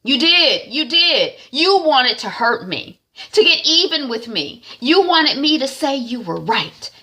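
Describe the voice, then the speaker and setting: A woman voicing Candace, a bitter grieving mother who hurls accusations at her family, her voice high and lively. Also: a little slow. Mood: accusing. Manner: accusing, rising to cries.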